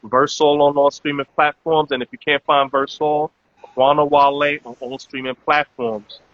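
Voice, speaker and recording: New man hosting live chat, bright forward voice, dry close sound, rambly hype with fillers, lo-fi. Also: a little high, little pitch movement, normal speed, no echo. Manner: loose, promotional, many "um" fillers. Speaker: host. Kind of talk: casual live-stream chat. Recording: dull lo-fi audio.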